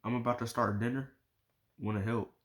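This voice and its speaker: A man's voice: medium pitch, fairly even intonation, normal speed, natural voice. A man voicing a caring, protective mother while reading a novel aloud. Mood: gentle.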